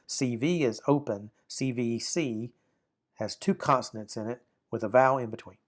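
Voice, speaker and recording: Man slowly drilling Hebrew syllables. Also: medium pitch. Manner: slow careful drilling of syllables, repeats sounds and checks "right? okay?". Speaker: Bible Hebrew teacher. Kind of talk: recorded grammar lesson.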